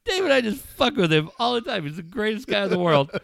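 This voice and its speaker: A man's voice: sits high, very animated, fast talker, vocal fry, fairly bright tone, no echo, studio quality. A middle-aged male co-host in rowdy, profane comedic radio banter, laughing often. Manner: rowdy, cursing, laughs a lot.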